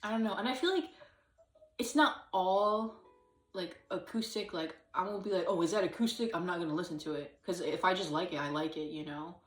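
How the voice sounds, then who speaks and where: A woman's voice: on the low side, brisk, roomy sound, distant mic, soft background music. A woman chatting casually to camera, rambling with lots of fillers and hesitant restarts, now and then breaking into sung or acted snippets. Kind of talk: casual solo vlog chat.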